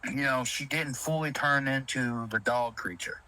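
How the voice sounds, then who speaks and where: A man's voice: mid-range voice, moderate pace, rough recording. A man telling a spooky story in casual talk, acting out what others said. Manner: animated, Southern-inflected storytelling with quoted dialogue. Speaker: caller telling an encounter.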